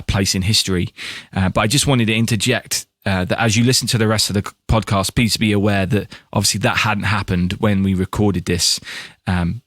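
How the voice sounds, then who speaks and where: A man co-hosting a podcast, speaking in a measured way with frequent fillers. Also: fairly low pitch, a bit bright, no echo, studio quality. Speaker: podcast co-host. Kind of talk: casual chat.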